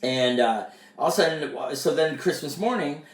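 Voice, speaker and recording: Casting: male musician-producer, lively storyteller, echoey room, mic a bit distant. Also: normal speed. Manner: animated, acts out quoted voices higher. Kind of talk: casual storytelling chat.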